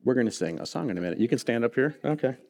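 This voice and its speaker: A man's voice: mid-range voice, expressive, racing, darkish tone. A man in his thirties, a pastor preaching a sermon in a church, telling a personal story with humor and earnest feeling. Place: church sanctuary.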